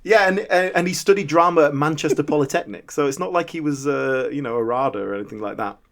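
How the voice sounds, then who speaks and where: A man's voice: fairly high pitch, fast talker, creaky, fairly bright tone. A man co-hosting a podcast, chatting casually and laughing often. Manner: chatty, laughs often, puts on comedy accents. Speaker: podcast co-host.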